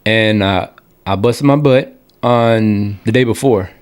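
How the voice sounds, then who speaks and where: A man's voice: on the low side, slow, clean tone. A young man co-hosting a podcast, telling a story casually and acting out the people he quotes. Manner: animated storyteller, acts out quoted voices. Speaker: podcast co-host.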